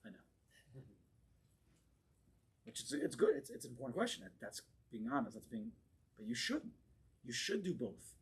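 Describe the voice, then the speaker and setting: A man, a rabbi, giving an impassioned Torah class in a congregation hall, moving between quiet asides and forceful exclamations. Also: mid-range voice, huge pitch swings, normal speed, vocal fry, long pauses, slight background noise. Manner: fervent and emphatic, swings from hushed asides to forceful exclamations.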